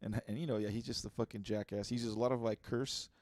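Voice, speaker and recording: A man's voice: on the low side, fairly even intonation, fast, darkish tone, no room sound, clean studio sound. A man co-hosting a podcast in loose casual chat, rambling with many restarts and swearing freely. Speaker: podcast co-host.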